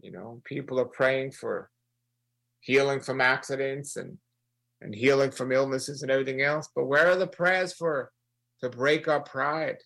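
Earnest gravelly man leading prayer. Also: medium pitch, a bit bright, poor audio. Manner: earnest, repeats phrases, slows for emphasis. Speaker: prayer leader. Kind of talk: sermon-style prayer broadcast.

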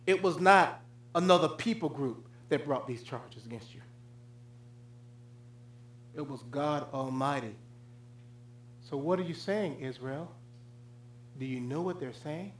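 Male pastor, high voice, dynamic sermon delivery from hushed to loud, echoey room. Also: measured pace, pauses often. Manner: swings from loud high preaching to low hushed tones.

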